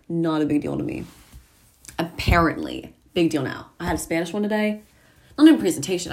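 A teenage girl talks to the camera from her mirror at home, close to the lens. Her voice sits a little low, and she rambles in a chatty, self-mocking way. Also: darkish tone. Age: teens. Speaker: vlogger. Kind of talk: casual chat to camera.

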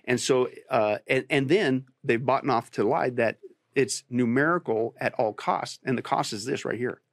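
A pastor in a talk interview, a man who speaks emphatically and climbs to forceful, insistent peaks. His voice sits at a middling pitch. The sound is dry and close. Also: moderate pace, creaky, no room sound. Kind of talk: preaching on a podcast interview.

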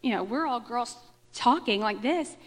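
Woman storyteller, high and bright-toned, chatty and self-mocking, in an echoey hall with a long reverb. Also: normal speed. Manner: animated, chatty, self-mocking, acts out quotes. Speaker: speaker telling a personal story to a live audience. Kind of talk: storytelling talk.

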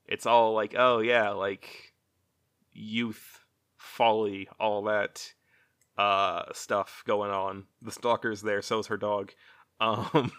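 A man's voice: lowish voice, level tone, very slow, a bit bright, smooth. A man hosting a casual chat, rambling, laughing often and swearing freely.

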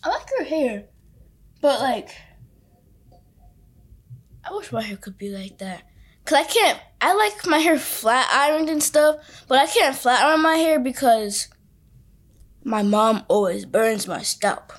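A young woman co-hosting a podcast, telling stories in animated, chatty casual talk. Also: high voice, unhurried, pauses often. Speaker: podcast co-host. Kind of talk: casual chat.

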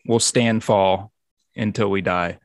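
A man's voice: fairly low pitch, fairly even intonation, takes it slowly, no echo, studio quality. A man hosting a casual podcast, easygoing and a little rambling. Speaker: podcast host.

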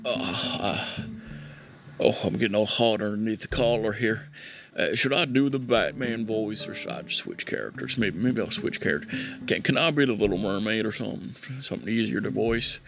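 A man's voice: fairly low pitch, moderate pace, creaky, music in the background. A man doing nervous comedic banter, stammering and repeating words as he talks to a chatbot. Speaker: prank caller chatting with a chatbot.

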